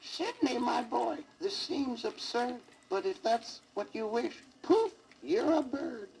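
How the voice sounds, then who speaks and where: A man voicing a sweet little old lady elephant fairy godmother, squeaky and very high, chanting rhyming spells, on a crackly 1960s vinyl record. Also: very animated, slow, creaky, heavily acted. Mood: fussing. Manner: sing-song rhyming spells.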